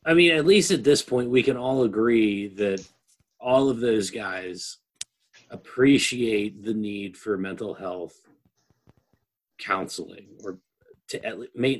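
A man's voice: fairly low pitch, takes it slowly, long pauses. A man co-hosting a podcast, recapping a TV episode in a joking, laid-back way. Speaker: podcast co-host. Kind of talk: casual chat recapping a TV show.

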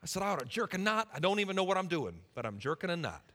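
A man's voice: sits high, very animated, racing, sharp tone. A young man preaching a sermon in a church, impassioned, with folksy turns of phrase. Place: church sanctuary. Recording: reverberant hall.

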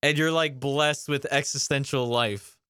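A man's voice: medium pitch, steady tone, measured pace, sharp tone, smooth, dry recording, clean studio sound. A man co-hosting a casual review podcast, riffing playfully on absurd what-if scenarios. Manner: playful, riffs on absurd hypotheticals. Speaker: podcast co-host.

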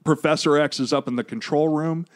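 A man's voice: a little high, fairly even intonation, fairly quick. A man co-hosting a podcast, explaining comic book plots at length in a casual, joking way. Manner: explanatory, jokey, long rambling recaps. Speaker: podcast co-host.

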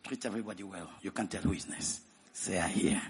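A man with a Nigerian accent preaching a sermon as pastor, who tells stories and leads the church in shouted prayer. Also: deep voice, a little fast. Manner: storytelling sermon building into shouted prayer and tongues.

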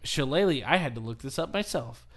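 Brief: man, podcast co-host, mid-pitched, loose storyteller who laughs and restarts a lot. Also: animated, fairly quick. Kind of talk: casual wrestling story chat.

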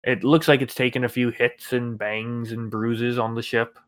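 A man running a tabletop game as game master, narrating scenes in a relaxed, filler-heavy way. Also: medium pitch, normal speed, no room sound. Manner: relaxed storytelling with many fillers.

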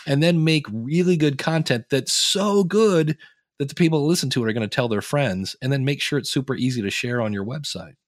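A middle-aged man talks through podcasting tips as an interview guest, at an ordinary pitch. He tells stories with energy and slips into quick impressions of the people he quotes. The recording is dry and close, with no room sound. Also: dry recording. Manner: animated storyteller, acts out quoted voices. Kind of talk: casual interview chat.

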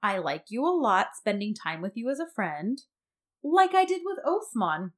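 A woman voicing a young female drama heroine, halting and stumbling over her words. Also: medium pitch, sing-song, natural voice. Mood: flustered.

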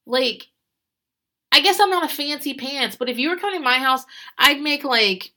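A woman's voice: sits high, expressive, moderate pace, pushed and bright. A woman hosting a podcast, recapping a reality show in rambling casual chat, swearing freely and laughing often.

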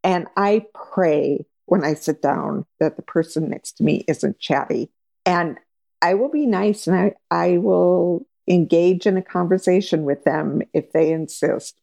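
A woman's voice: sits low, fairly even intonation, measured pace, gravelly, warm tone. A woman chatting casually as a co-host, blunt and opinionated, calling herself a little grumpy. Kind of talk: casual chat.

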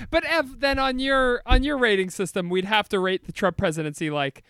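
A man hosting a comedy podcast, playful and quick with improvised bits in casual banter. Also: high-pitched, steady tone, pushed and bright, clean tone, no room sound, clean studio sound. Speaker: podcast host.

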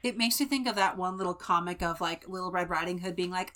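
A woman's voice: fairly low pitch, a bit bright. A woman co-hosting a podcast, chatting and joking about a book. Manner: quick reactive, joking. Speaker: podcast co-host. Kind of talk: casual book-discussion chat.

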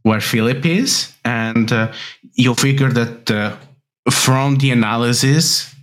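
A man narrating a tabletop role-playing game as game master, slow and hesitant with frequent pauses. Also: medium pitch, a bit bright.

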